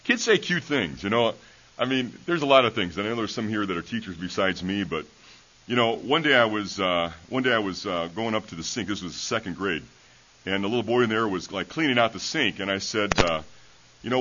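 Man, preacher, sermon, folksy storytelling, lively pitch, dull lo-fi church recording. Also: fairly quick. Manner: folksy storytelling, many fillers and restarts. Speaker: preacher and schoolteacher.

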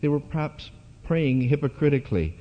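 A man preaching a sermon at a church gathering, speaking haltingly with many fillers and restarts. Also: fairly high pitch, animated. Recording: dull lo-fi hall recording.

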